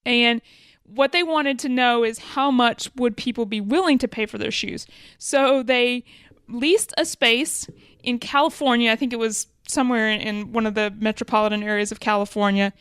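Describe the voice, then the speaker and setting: Originally from Alabama, this podcast co-host talks about business lessons in a conversational way, reworking her phrasing as she thinks aloud. She speaks at a normal speed in a slightly high, a bit bright voice, and the recording is clean and dry.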